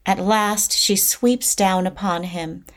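Slow-reading woman narrator. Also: medium pitch, steady tone. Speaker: narrator reading stage directions. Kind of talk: measured stage-direction narration.

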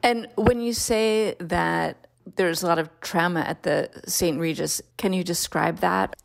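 A woman's voice: lowish voice, steady tone, a little slow, vocal fry. A woman interviewer asking questions in an inviting, curious way.

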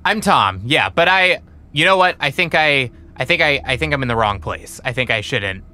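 A man with a bright, forceful tone rambling awkwardly through an improvised comedy podcast. He stumbles and second-guesses himself, playing an ordinary guy out of his depth. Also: mid-range voice, lively intonation, moderate pace, clear, resonant tone. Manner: awkward, rambling, self-doubting.

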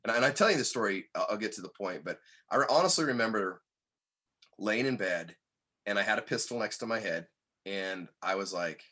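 A man guest on a podcast, telling a personal story in an earnest, candid way that turns animated when he quotes others. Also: lowish voice, brisk.

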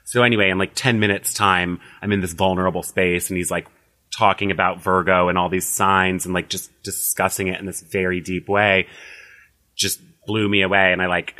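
An American astrologer, a man with a low, sharp-toned voice, tells his life story as a guest on a casual podcast interview. He's chatty and fills his speech with "like."

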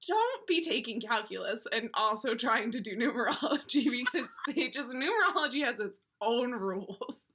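A woman co-hosting a podcast in casual chat, animated and acting out the voices she quotes. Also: fairly high pitch, moderate pace, hardly any pauses, breathy edge. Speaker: podcast co-host.

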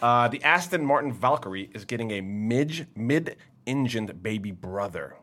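A man's voice: mid-range voice, normal speed. Guy reading car news on a podcast, lots of ups and downs in his voice, cracking jokes. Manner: jokey, laughs often, animated delivery. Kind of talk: casual chat.

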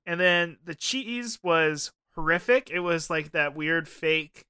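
A man's voice: a little high, lively intonation, slow pace, bright, forceful tone, clear, resonant tone. A young man co-hosting a podcast, rambling and joking in casual chat, swearing freely. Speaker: podcast co-host.

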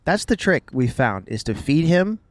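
A man's voice: on the high side, big pitch swings, normal speed, no room sound. A man in his thirties, chatting casually with his wife while driving, with playful jokes and asides. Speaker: vlogger, father. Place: car.

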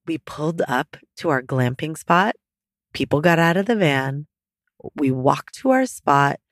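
A woman hosting a solo podcast, hoarse and husky from losing her voice, talking casually with "like" fillers. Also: deep voice, no room sound, clean studio sound. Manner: casual and chatty, with laughs and "like" fillers. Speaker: podcast host. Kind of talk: solo podcast talk on psychology and mindfulness.

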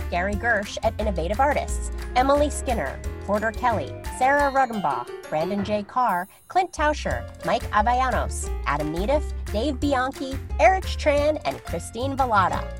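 A woman co-hosting a comedy quiz podcast, playful in her plugs and crisp reading the credits. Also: mid-range voice. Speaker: co-host and scorekeeper.

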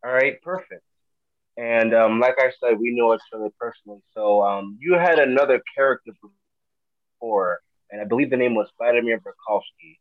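A male interviewer asks short casual questions and answers with quick, upbeat acknowledgements. His voice comes through a thin, tinny phone line. The sound is dry. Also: mid-range voice, dry recording.

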